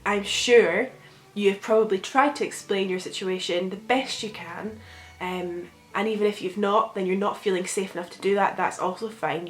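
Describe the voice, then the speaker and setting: A young woman talking gently and reflectively to camera, giving casual advice with a rambling, filler-filled manner. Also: mid-range voice. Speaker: vlogger. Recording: echoey room with faint music.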